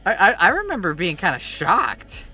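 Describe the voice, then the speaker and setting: A young man streaming a game, telling stories in a rambling, animated way and swearing freely. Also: sits high, normal speed, faint music behind. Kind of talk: casual chat while gaming.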